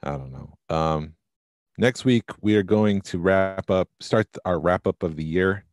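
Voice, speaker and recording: Deep-voiced sleepy podcast co-host man. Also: dry recording, studio quality. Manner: tired, halting, with many ums. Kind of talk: casual chat.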